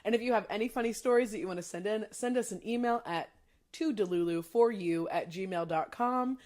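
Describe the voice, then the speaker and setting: A woman's voice: medium pitch, a little fast. A young woman co-hosting a podcast, chatting casually and playfully, often laughing. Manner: giggly, playful, animated. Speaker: podcast co-host. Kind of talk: casual chat.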